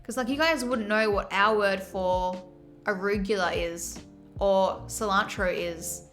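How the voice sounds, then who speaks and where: A woman's voice: mid-range voice, measured pace, fairly bright tone, soft background music. An Australian woman streamer chatting casually and laughing as she reads her chat aloud.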